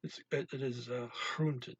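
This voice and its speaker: A man's voice: steady tone, normal speed, dull audio, a little hiss or hum. A man teaching a language lesson in a casual way, explaining phrases word by word and repeating example sentences. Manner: reads target-language lines louder and higher. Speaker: language tutor.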